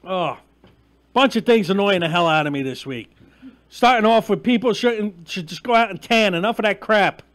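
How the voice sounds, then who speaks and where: High-voiced ranting New man. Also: lively intonation, normal speed. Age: 40s. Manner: ranting, profane, mocking and emphatic; gets loud and heated, then drops back to chatting with viewers. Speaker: host of a live online show. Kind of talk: ranting live-stream monologue.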